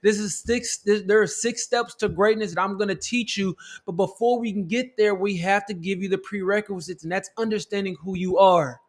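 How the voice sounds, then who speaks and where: A man giving a motivational self-help talk to his viewers in a preachy, repetitive style, often calling them "family" and building to loud climaxes. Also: sits high, fairly even intonation, moderate pace, few pauses. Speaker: motivational teacher.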